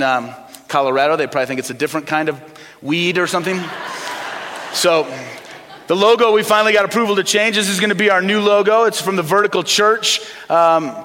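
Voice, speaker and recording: A man's voice: on the high side, a bit bright. A middle-aged male pastor preaching a sermon to his congregation, emphatic and asking them questions to answer. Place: church auditorium. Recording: long reverb of a church hall.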